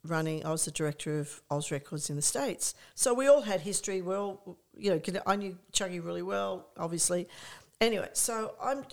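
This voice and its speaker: An older woman, a guest in a casual interview, telling lively anecdotes with many restarts and fillers. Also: on the low side. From Australia.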